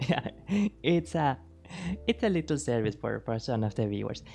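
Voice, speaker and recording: A woman streamer chatting casually with her live chat, playful and teasing, thanking viewers over and over and speaking slowly and carefully. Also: a bass voice, sing-song, gravelly, warm tone, a little hiss or hum. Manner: deliberately slow, careful speech.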